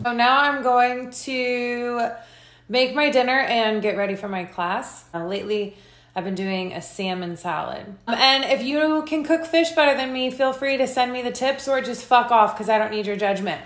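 Bright, profane young woman vlogging from her car. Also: on the high side, moderate pace, no echo, poor audio. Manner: profane, chatty and self-mocking. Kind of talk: casual day-in-the-life vlog.

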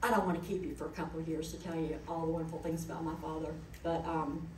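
Middle-aged woman telling family stories at a memorial, kinda low voice, echoey hall from far off. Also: fairly even intonation, quick pace, slight background noise. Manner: folksy, chatty storytelling. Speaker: eulogist, daughter of the deceased. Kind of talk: eulogy told as personal stories.

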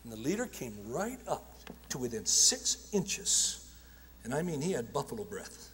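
A man preaching at a conference, telling stories with passion, shouting at times and dropping to a hush at others. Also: medium pitch, sing-song, normal speed, a little hiss or hum. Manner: impassioned storytelling, swinging from shouts to hushed tones. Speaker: evangelist speaker. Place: large conference hall. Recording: long hall reverb.

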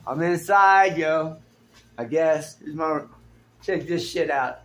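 A man's voice: a little high, slow, fairly bright tone. A man telling raw, rambling stories on his own phone vlog, agitated and swearing as he talks, recorded in a hotel room on a handheld phone. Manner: raw, unscripted storytelling. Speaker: vlogger.

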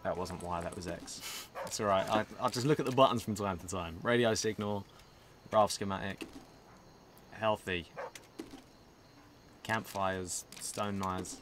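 A young man playing a video game and chatting casually, excitable and swearing freely, often breaking into laughter. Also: sits low, unhurried, pauses often, a little hiss or hum. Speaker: let's play player. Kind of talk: casual gameplay commentary.

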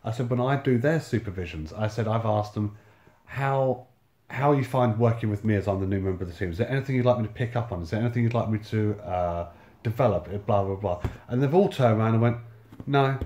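A man's voice: fairly low pitch, fast talker, darkish tone, echoey room. A man in his thirties telling a personal story in a sardonic, sweary way, full of reported speech. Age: 30s. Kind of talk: casual storytelling monologue.

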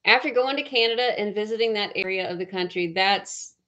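Woman hosting her live stream, chatty, mid-pitched, muffled lo-fi sound. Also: brisk. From southern United States. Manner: chatty, greets viewers by name with bright bursts. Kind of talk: casual live stream chat. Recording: dull lo-fi stream audio.

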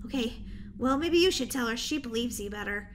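A woman's voice: a little high, animated, brisk, pitched below the performer's own voice, natural voice. A woman voicing a bossy, skeptical teenage sister who talks in a sassy, teasing way, over faint background noise.

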